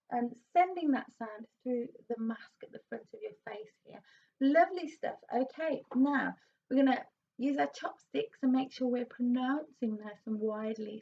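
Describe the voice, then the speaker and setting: A woman vocal coach leading a warm-up lesson, counting in and demonstrating exercises with encouraging remarks. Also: a little high, moderate pace, gravelly, dull audio.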